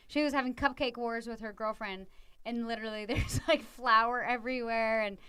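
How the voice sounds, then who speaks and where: A woman's voice: fairly high pitch, fairly quick, a bit bright, clear, resonant tone, no room sound. A middle-aged woman co-hosting a podcast, chatting casually with her husband, acting out quoted lines and saying 'like' often. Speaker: podcast co-host.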